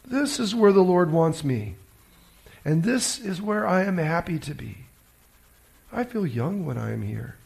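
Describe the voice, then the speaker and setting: A preacher voicing a gentle, joyful elderly nun in a retold story, speaking softly and simply. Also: male voice, high voice, sing-song, unhurried, vocal fry, pitched above the performer's own voice, full character voice.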